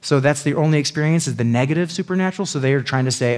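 A man's voice: a little high, very fast, hardly any pauses, darkish tone. A man giving a casual Bible teaching, chatty and full of asides that check in with his listeners. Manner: chatty, lots of "like" and "right?" asides.

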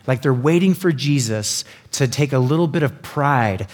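A man's voice: mid-range voice, moderate pace, few pauses. Chatty man teaching a Bible passage. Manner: chatty, lots of "like" and "right?" asides.

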